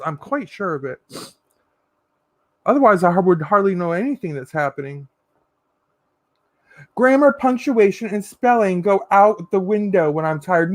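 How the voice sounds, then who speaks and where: Man, high voice, slow unhurried delivery, sassy and campy, livestream chat, reads comments aloud. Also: no echo, studio quality. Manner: sassy, campy, drawn-out endearments. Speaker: livestream host.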